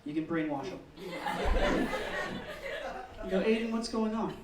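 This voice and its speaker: Stand-up comic, male, high-pitched and deadpan, recorded in an echoey room from a distance. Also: measured pace, over a noisy crowd, very noisy. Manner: deadpan storytelling, swearing, acting out kids in squeals. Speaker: stand-up comedian. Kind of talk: stand-up comedy set. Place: comedy open mic room.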